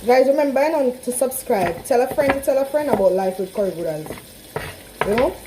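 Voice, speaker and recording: This home cook vlogger, a woman with a Trinidadian accent, speaks a little fast in a high-pitched, animated voice as she chats directly with her viewers. She's cooking in her home kitchen, with a pan frying and sizzling amid the noisy background.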